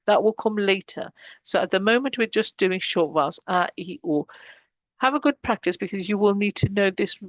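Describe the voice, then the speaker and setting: A woman teaching a pronunciation lesson, slowly drilling syllables and explaining patiently. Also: mid-range voice, no echo. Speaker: Arabic teacher.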